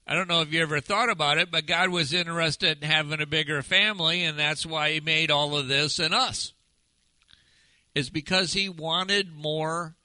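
A man's voice: fairly high pitch, sharp tone, no room sound, rough recording. A male pastor giving a sermon in a conversational way, often asking the congregation questions.

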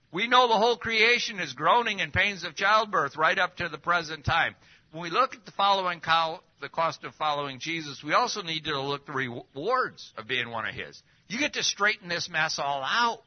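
A man preaching a sermon, full of rhetorical questions and swinging between loud and hushed. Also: on the high side, moderate pace. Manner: lively, rhetorical questions, drops to near-whispers. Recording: dull lo-fi recording.

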